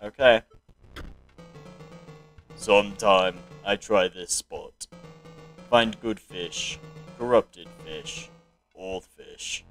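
Man, gaming host, lowish voice, unhurried, self-talk with excitable outbursts. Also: faint music behind, poor audio. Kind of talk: let's play commentary.

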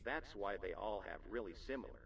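A man's voice: fairly low pitch, expressive, a little fast, fairly bright tone. A man voicing a sarcastic male game master who taunts the players in a dry, mocking manner. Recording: distant, muffled game audio.

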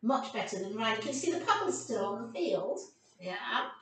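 A woman in a childcare setting reading a picture book to small children in a gentle, sing-song way. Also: on the high side, animated, brisk, reverberant, far from the mic. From England. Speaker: childcare storyteller.

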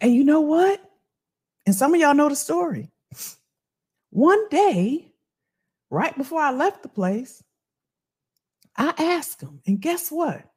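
Animated, high-voiced woman host. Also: measured pace, pauses often. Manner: animated storytelling, acts out her past gossip. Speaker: podcast host. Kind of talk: candid motivational talk.

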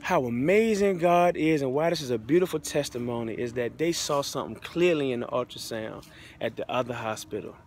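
A man's voice: medium pitch, fairly quick, a little hiss or hum. Man telling a heartfelt personal testimony. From United States. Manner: casual, heartfelt, loose slang-filled retelling. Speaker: motivational speaker.

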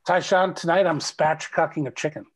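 A middle-aged actor chatting as a guest over a video call, telling animated stories and laughing often. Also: male voice, fairly high pitch, moderate pace, a little hiss or hum. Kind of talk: casual video call interview.

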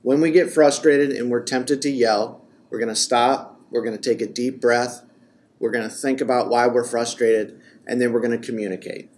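A man co-hosting a faith and parenting podcast, talking in a lively, casual way and laughing easily. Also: mid-range voice. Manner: energetic, quick to laugh.

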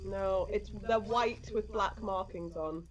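A woman's voice: medium pitch, takes it slowly, a little hiss or hum. A young woman playing a horror game with a friend, panicky and whiny, swearing as she goes. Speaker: co-op gaming partner. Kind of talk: frightened game chat.

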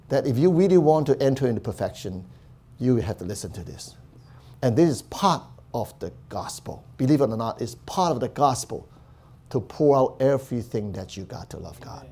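A male pastor preaching a sermon, talking to the congregation in a conversational way and often asking "right?", then rising to loud proclaiming. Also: mid-range voice. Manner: swings from quiet talk to loud proclaiming.

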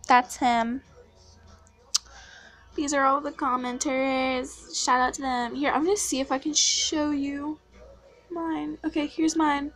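A young woman casually vlogging to her channel, gushing and excitable like an overjoyed fan. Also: sits high, takes it slowly, long pauses, faint music behind. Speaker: YouTuber. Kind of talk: casual vlog chat.

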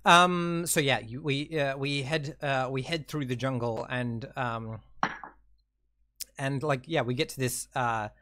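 A man's voice: medium pitch, steady tone, unhurried, pushed and bright. Hesitant man running a game. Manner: hesitant, full of fillers and restarts. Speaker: game master. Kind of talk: narrating a tabletop game.

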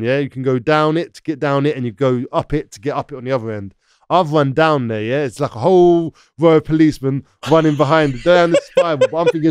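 A man's voice: fairly high pitch, a little mellow, dry recording, studio quality. A man from London with a London accent, a podcast guest telling rambling stories full of "like" and "yeah?". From London, England. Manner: rambling, frequent "like" and "yeah?" tag questions. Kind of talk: casual storytelling interview.

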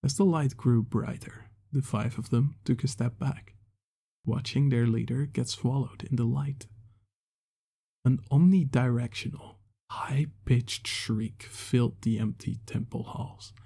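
Gravelly male fantasy narrator. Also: mid-range voice, fairly even intonation, mellow. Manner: measured storytelling delivery. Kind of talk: scripted narration.

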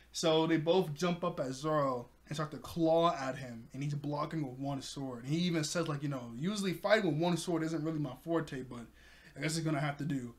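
A man casually recapping an anime episode, retelling character lines with lots of fillers. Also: on the high side. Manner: animated retelling with quoted character lines and laughs. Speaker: anime reviewer.

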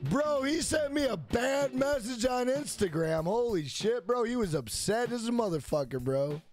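A man's voice: very high voice, very animated, normal speed, soft background music. Brash, foul-mouthed streamer man. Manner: brash, profane, shouts greetings to chat. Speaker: gaming livestreamer. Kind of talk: casual livestream chat.

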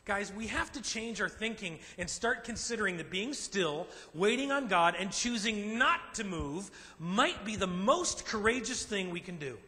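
A high, bright-voiced man preaching a sermon with emphatic, animated delivery and acted asides. His voice rings with the long reverb of a large church hall. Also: normal speed, hardly any pauses. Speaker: pastor. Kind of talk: sermon to a men's group.

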